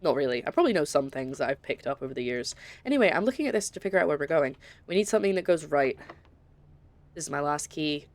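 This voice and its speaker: A woman's voice: low-pitched, expressive, quick pace, no echo. A young woman from Scotland with a light Scottish accent, chatting casually and rambling as she streams a game and reads chat. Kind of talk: casual gameplay commentary.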